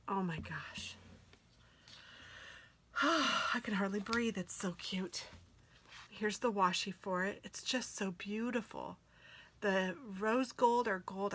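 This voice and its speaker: Woman host, excitable and gushing, some breathy whispers, mid-range voice, faint background hum. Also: medium pitch. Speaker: planner sticker vlogger. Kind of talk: casual unboxing chat.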